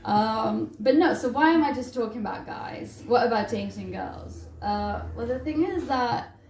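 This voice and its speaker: A woman from Latvia doing stand-up on a bar stage, talking slowly and deliberately in a fairly high voice. She is animated and self-mocking, into a handheld mic. The room rings, and a faint murmur sits behind her. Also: a little hiss or hum. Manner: animated, self-mocking, swings to loud outbursts. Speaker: stand-up comedian. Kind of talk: stand-up comedy set. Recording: roomy live venue, faint crowd.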